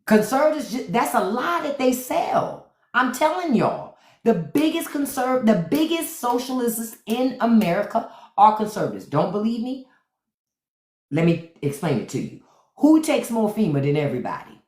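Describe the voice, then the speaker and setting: A woman's voice: fairly high pitch, very animated, normal speed, a little mellow. A woman talks to her live viewers in a sassy, mocking way, and her voice swings up and down a lot. She's recorded on a phone or webcam in a room with a noticeable echo. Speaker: host of a live stream. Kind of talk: casual live-stream commentary. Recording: echoey room.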